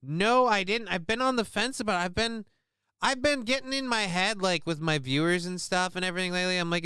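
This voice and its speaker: Smooth-voiced, profane livestream host man. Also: high voice, brisk, pushed and bright, no room sound, clean studio sound. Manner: profane, rambling, self-mocking. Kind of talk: casual livestream chat.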